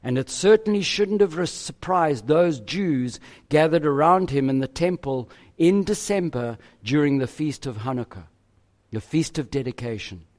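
A man preaching a sermon in an emphatic, deliberate way, pausing on each phrase. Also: a little high, a little mellow. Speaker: pastor.

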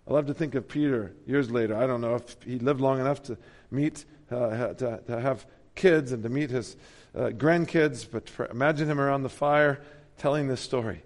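A pastor from the United States preaching a sermon in a church, animated and dramatic. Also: male voice, medium pitch, moderate pace, long reverb tail.

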